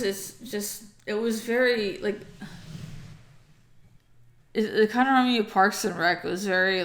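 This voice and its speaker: A woman's voice: mid-range voice, fairly bright tone. A young woman casually recounting a story in a rambling way, with lots of fillers and restarts, sounding tired.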